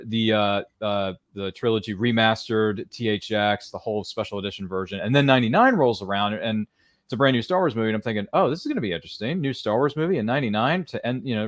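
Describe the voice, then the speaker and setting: A man in his thirties from Maryland hosting a casual watchalong live stream, excitable and exclamatory with playful asides. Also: on the low side, quick pace, no echo, studio quality. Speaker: livestream watchalong host. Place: home studio.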